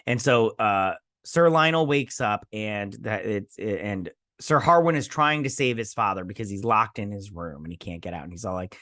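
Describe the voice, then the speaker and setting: A man's voice: on the low side, lively intonation, moderate pace, hardly any pauses, a bit bright, no echo, studio quality. A man hosting a show, casually recapping a TV episode in a rambling way, full of restarts and loose, profane paraphrases. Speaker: host.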